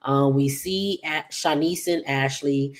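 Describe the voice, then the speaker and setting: A woman giving a casual, rambling recap of an episode, with many fillers and quick paraphrased quotes. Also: rumbling low. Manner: chatty, rambling, full of "like" and "just like". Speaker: soap opera recap vlogger.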